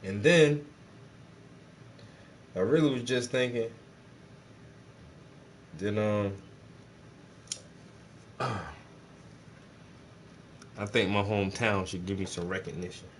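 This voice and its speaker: A man's voice: on the low side, slow pace, pauses often, slight background noise. A man, chatting casually and profanely while he paints, joking and rambling to his viewers. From South Carolina.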